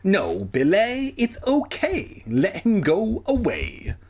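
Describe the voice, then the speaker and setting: A man voicing a calm, kindly uncle who is a scientist, in a comedic story reading, with a reassuring manner. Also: high-pitched, slow, breathy edge, pitched above the performer's own voice, exaggerated voice.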